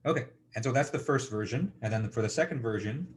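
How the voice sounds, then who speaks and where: A man's voice: mid-range voice, quick pace. A man giving a university engineering lecture, thinking aloud with lots of fillers and checking in with students.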